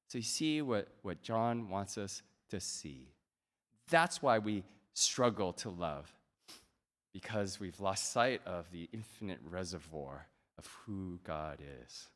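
Animated male preacher in a reverberant hall. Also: on the low side, slow. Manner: animated storytelling, playful, swings between loud and soft. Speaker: pastor. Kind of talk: sermon.

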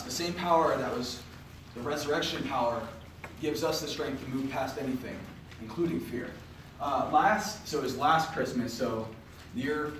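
Young man, faith testimony speech, animated storyteller, very echoey room, distant mic. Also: mid-range voice, a little hiss or hum. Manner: animated storyteller, casual filler words. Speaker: podcast host giving a faith testimony. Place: indoor room with an audience.

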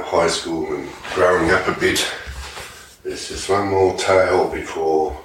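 A man's voice: rumbling low, a bit bright. An Australian man hosting a podcast, telling crude comic stories, swearing and laughing as he acts out voices. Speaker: podcast host. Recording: echoey room, distant mic, faint noise.

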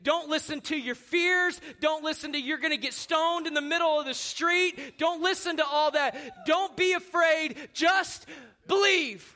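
Preacher doing jesus saying don't be afraid, loud, slow, emphatic. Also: male voice, very high voice, pitched above the performer's own voice, exaggerated voice. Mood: reassuring. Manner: emphatic, forceful, drawn-out commands. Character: calm, commanding male savior reassuring a father.

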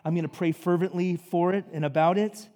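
Man preaching, high voice, animated, conversational asides, long hall reverb. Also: a little fast. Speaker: pastor. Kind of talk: sermon. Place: church sanctuary.

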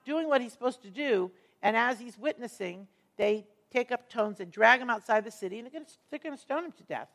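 A woman with a fairly high voice gives a Bible teaching. She is earnest and emphatic and leans slowly on the words she wants to stress. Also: fairly bright tone. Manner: earnest, emphatic, explains verse by verse with slow stresses.

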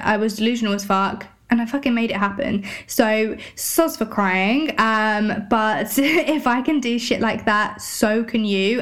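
A British woman hosting a solo podcast, talking candidly with lots of swearing and many "like" and "you know" fillers. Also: mid-range voice. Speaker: podcast host.

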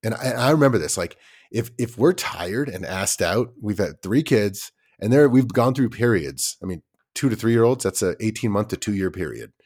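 A man's voice: on the low side, lively intonation, moderate pace, darkish tone, slightly rough. A man in his thirties co-hosting a parenting podcast, chatting casually in loose, rambling stories full of fillers and the odd swear word. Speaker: podcast co-host. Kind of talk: casual chat.

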